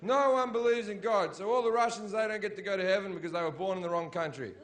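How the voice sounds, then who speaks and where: A man's voice: sits high, quick pace, hardly any pauses, a crowd in the background. A man doing a live stand-up routine on stage, ranting in a profane, sarcastic way. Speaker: stand-up comedian. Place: live stage show in Britain.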